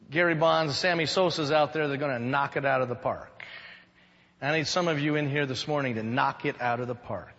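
Bright-voiced male pastor preaching. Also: mid-range voice, long reverb tail, highs cut off. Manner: conversational preaching with jokes and rhetorical questions. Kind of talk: sermon. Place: church sanctuary.

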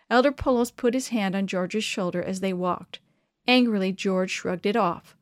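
Expressive woman reading a children's story. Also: medium pitch, moderate pace, no room sound, studio quality.

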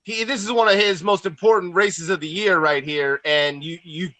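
Bright rambling man on a podcast. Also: high voice, fairly even intonation, normal speed. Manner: rambling, filler-heavy storyteller. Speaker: podcast co-host. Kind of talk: casual chat.

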